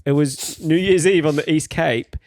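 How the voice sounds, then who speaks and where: A man's voice: a little high, moderate pace, no room sound, studio quality. A man telling stories casually on a podcast, acting out quotes and laughing often. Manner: animated, acts out quotes in a raised voice, laughs often. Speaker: podcast guest or host. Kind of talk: casual storytelling.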